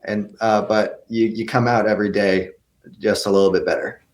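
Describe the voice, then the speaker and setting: Earnest young man, slightly low voice. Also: level tone, normal speed. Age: young adult. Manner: earnest, with many restarts and stammered repeats. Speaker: guest actor. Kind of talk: casual interview answers.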